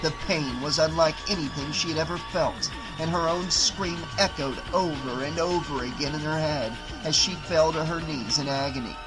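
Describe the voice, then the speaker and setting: A man narrating an audiobook in a steady, dramatic reading style. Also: fairly high pitch, normal speed, few pauses, music in the background, poor audio. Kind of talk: scripted narration.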